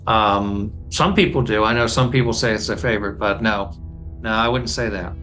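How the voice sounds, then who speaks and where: A man's voice: on the low side, moderate pace, bright, forceful tone. Male guest critic, casual chat, blunt opinions, faint music behind. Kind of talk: casual conversation.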